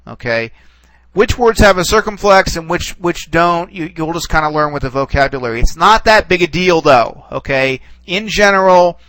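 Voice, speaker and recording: A man with a somewhat high voice teaches a recorded lesson in a relaxed, reassuring way. He stumbles, repeats words and keeps checking in with "okay." The sound is dry, with no room echo. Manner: halting, full of restarts and "okay"s. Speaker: Greek teacher. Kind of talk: recorded classroom lecture.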